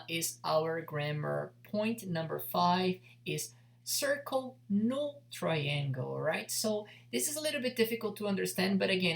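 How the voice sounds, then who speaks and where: Low gravelly woman teaching a beginner class. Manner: explains slowly, repeating example sentences, with fillers. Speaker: language teacher. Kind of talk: casual online lesson.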